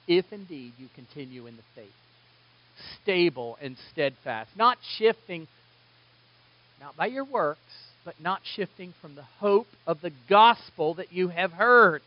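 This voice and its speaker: A man preaching a sermon as pastor, animated, switching between loud emphasis and hushed asides. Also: sits high. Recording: dull lo-fi, dry.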